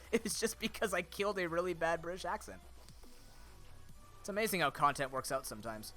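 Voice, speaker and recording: A man's voice: sits high, lively intonation, fast, bright, forceful tone, faint music behind. A young man with a sore throat, chatting on stream in a rambling, off-the-cuff way, full of fillers and restarts. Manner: talks to chat and friends off-mic. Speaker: streamer and content creator. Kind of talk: casual live-stream chat.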